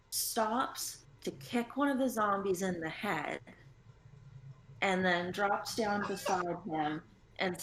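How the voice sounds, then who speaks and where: A woman player describing her character's actions in a tabletop game, unhurried and descriptive. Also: medium pitch, fairly bright tone, a little hiss or hum. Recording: echoey room.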